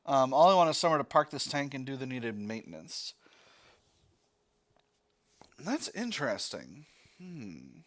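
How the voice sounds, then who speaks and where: A man's voice: medium pitch, sing-song, unhurried, pauses often, fairly bright tone. A man reading a text adventure game aloud as its player, breaking off into rambling, self-correcting asides.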